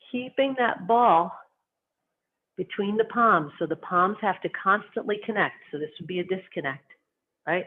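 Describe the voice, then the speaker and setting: A qigong instructor calmly leads students step by step through slow movement and stretching exercises, gently cueing each motion. The voice is mid-range, and the recording has a tinny, phone-like sound.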